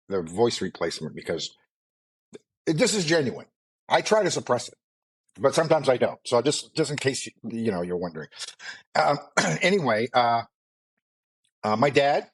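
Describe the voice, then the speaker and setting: A man's voice: medium pitch, husky. A middle-aged man with a mild Maine accent, co-hosting a podcast in a loose, rambling chat full of fillers and asides. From Maine, USA. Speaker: podcast co-host. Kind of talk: casual chat.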